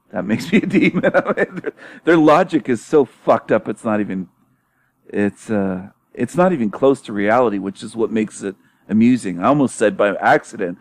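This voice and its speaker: Low-voiced man mocking with laughter. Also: no echo. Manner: mocking, laughs often, swears, emphatic. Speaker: YouTube channel host. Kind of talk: casual monologue.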